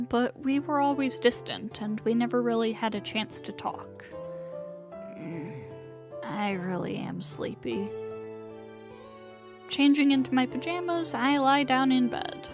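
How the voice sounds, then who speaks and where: A woman streamer reading a visual novel aloud in a dramatic, hushed way, sometimes sinking into whispers. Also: a little high, animated, over music. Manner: slow and hushed, sinking into whispers in tense passages.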